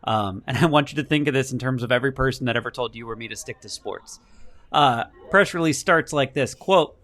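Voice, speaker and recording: A man's voice: medium pitch, fairly quick, fairly bright tone, dry recording. A man hosting a casual sports podcast, talking in a blunt, wry way and swearing freely. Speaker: podcast host.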